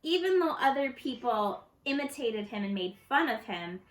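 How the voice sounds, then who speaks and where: In an echoey space, a woman brings a children's picture book to life with a vivid, expressive reading. Her voice sits on the higher side and keeps a normal speed.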